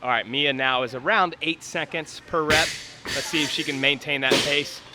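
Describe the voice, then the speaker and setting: Guy coaching thru a workout, explaining stuff and calling times, lots of loud noise behind him. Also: on the high side, normal speed. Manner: instructive, explains technique while calling out times. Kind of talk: live workout commentary and coaching tips. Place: gym during a workout.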